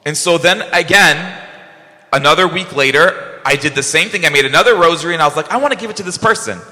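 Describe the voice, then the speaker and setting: A man's voice: on the high side, quick pace. A male priest telling personal stories in a sermon, animatedly acting out remembered conversations. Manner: animated, acts out remembered dialogue. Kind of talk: sermon storytelling. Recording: long church reverb.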